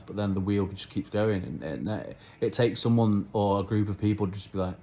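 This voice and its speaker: A man's voice: fairly low pitch, fairly even intonation, fast, hardly any pauses, warm tone, a little hiss or hum. Rambling man vlogging. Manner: rambling, swearing, philosophical, self-mocking. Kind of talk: casual rambling monologue to camera.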